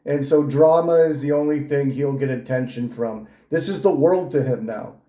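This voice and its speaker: A man's voice: medium pitch, moderate pace, dark tone, reverberant. A man giving mocking reaction commentary, sneering and ridiculing someone as he talks. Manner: sneering, ridiculing, with frequent laughs.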